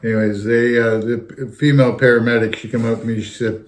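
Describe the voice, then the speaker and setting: Man, old fire captain type, low voice, rambling anecdote teller who keeps coming back with "anyhow". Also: fairly even intonation, moderate pace, slight background noise. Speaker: retired fire captain telling stories. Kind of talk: casual storytelling.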